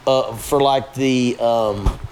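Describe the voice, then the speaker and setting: A man's voice: medium pitch, fairly even intonation, takes it slowly, noisy background. A man with a Kentucky accent, a guest telling rambling, folksy stories in a casual interview. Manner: rambling, folksy storytelling with many fillers. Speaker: guest, yeast scientist.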